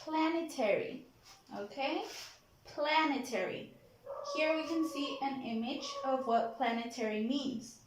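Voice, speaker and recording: A woman teaching a vocabulary lesson in a classroom. She models each word slowly and keeps checking in with "okay?". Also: high-pitched, a little hiss or hum. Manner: slow, deliberate modeling of pronunciation, frequent "okay?" checks. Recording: very echoey classroom.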